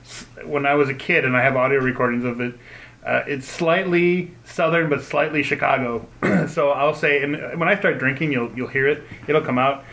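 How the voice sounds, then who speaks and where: A man's voice: mid-range voice, steady tone, normal speed, gravelly, fairly bright tone, poor audio. Rambling man in casual chat. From Cincinnati. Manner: rambling, laughs often.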